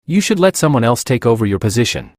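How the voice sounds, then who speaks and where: A man's voice: medium pitch, big pitch swings, quick pace, darkish tone, no room sound, studio quality, close to an everyday voice. A man reading a clever young son. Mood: persuasive. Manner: plainly read, barely acted.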